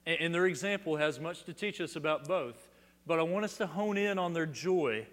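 A man's voice: fairly high pitch, normal speed. Man preaching in a reverberant hall. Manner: dynamic preaching, swings from loud declarations to hushed emphasis; repeats words as he restarts phrases. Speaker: pastor. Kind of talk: sermon.

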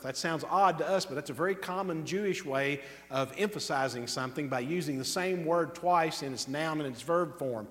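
A man preaching a sermon emphatically, drawing out key words slowly and tossing off quick asides. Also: a little high, lively intonation, a bit bright, in a large hall. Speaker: pastor.

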